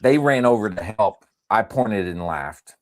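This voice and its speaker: Lively man telling a funny story. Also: fairly low pitch, a little slow. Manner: animated storyteller who laughs often. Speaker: podcast host. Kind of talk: casual chat and storytelling.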